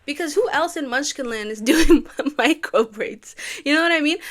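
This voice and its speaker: Young woman, light high soprano, casual fan commentary, animated, with whispered asides and loud outbursts. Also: moderate pace. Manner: excitable, swings from hushed whispers to loud outbursts. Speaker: YouTuber.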